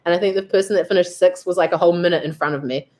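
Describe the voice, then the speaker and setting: Low-ish, a little mellow and steady, her voice comes out rapid-fire as this young New Zealand fitness coach and athlete tells a story as a guest. She chats casually, leaning on "like" and quoting her own thoughts in an acted-out way.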